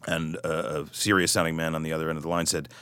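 A middle-aged man with a low, deep voice tells his story as an interview guest. He is animated and self-deprecating and restarts his sentences often. His voice is recorded dry and close, with no room sound. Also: fast talker, clear, resonant tone, dry recording. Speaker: guest, author.

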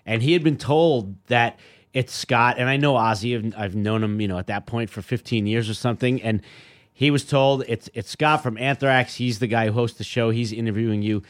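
A man's voice: medium pitch, moderate pace. A middle-aged man, a podcast guest, telling a story in casual chat and acting out the voices of the people in it. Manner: animated storyteller, acts out quoted voices.

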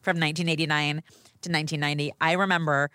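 A woman's voice: sits low, steady tone, quick pace, sharp tone, smooth, dry recording, clean studio sound. A woman co-hosting a talk show, chatty and enthusiastic like a longtime fan. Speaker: show co-host.

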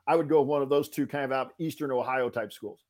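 A man hosting a casual sports chat, chatty and quick to jump in with questions from the chat. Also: mid-range voice, darkish tone. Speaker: podcast host.

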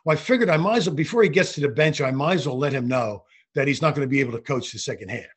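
An older man, a former referee, telling animated anecdotes in a casual interview, with frequent restarts. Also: medium pitch, racing, husky. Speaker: guest, former basketball referee.

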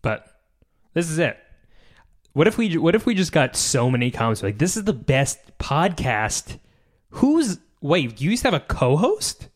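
A man hosting a solo podcast, rambling and joking and often trailing off into quiet mumbles. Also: on the high side, sing-song, moderate pace. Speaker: podcast host. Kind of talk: casual solo podcast chat.

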